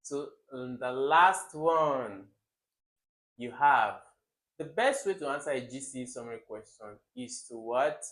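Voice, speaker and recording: A young man teaching exam English in an animated way. He says words over and over with the stress moved around, and his voice sits in a middle range. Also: medium pitch, unhurried, low-quality recording. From Nigeria. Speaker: exam tutor. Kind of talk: explaining exam questions.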